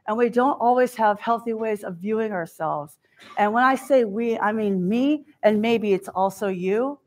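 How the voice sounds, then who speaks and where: A middle-aged woman giving a candid, self-deprecating keynote talk, often acting out what others said to her. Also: medium pitch. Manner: candid, self-deprecating, acts out quoted voices. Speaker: keynote speaker.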